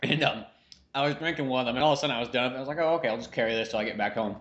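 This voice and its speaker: A man co-hosting a podcast in casual chat, telling stories excitedly with plenty of swearing. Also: mid-range voice, rapid-fire, lo-fi sound. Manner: excitable storyteller, profane. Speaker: podcast co-host.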